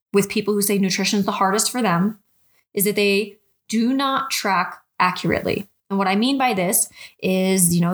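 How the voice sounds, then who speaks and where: A woman coach speaks on a podcast in a frank, direct way, firing off rhetorical questions and addressing her listeners as "guys". Her delivery is chatty, with quick restarts, and her voice sits at an ordinary pitch for a woman. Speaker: nutrition coach. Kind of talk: podcast monologue.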